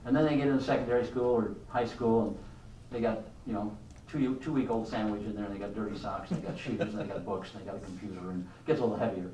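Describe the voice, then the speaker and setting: An older man giving a motivational leadership talk to a live audience, an animated storyteller who keeps asking the room questions. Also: lowish voice, fast talker, echoey room, recorded from a distance, a little hiss or hum, rough recording. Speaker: leadership speaker.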